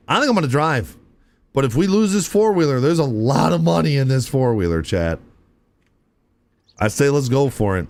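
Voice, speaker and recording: A man's voice: medium pitch, very animated, moderate pace, long pauses, darkish tone. A young man streaming a game live, chatting casually and laid-back with his viewers, often calling them "chat" and saying "dude".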